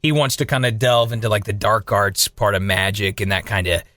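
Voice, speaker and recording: A man's voice: on the low side, fairly even intonation, a little fast, bright, forceful tone. A man co-hosting a podcast in laid-back casual chat, agreeable and full of "dude" and "like". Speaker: podcast co-host.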